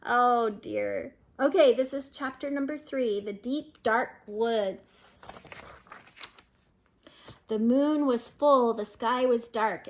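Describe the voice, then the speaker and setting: A woman's voice: on the high side, takes it slowly. An older woman reading a picture book aloud to children, amused and breaking in with chatty asides. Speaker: storyteller.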